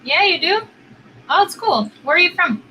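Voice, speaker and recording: Bright, chatty young woman vlogger. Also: very high-pitched, lively intonation, normal speed, a little hiss or hum, low-quality recording. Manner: chatty, rambling, full of "like" and repeats. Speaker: video chat vlogger. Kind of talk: casual vlog chat.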